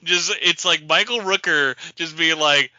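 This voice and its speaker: A man hosting a gaming podcast in casual chat, animated and quick to laugh. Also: a little high, dry recording. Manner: animated, laughing, imitates others. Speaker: podcast host. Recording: dull lo-fi audio.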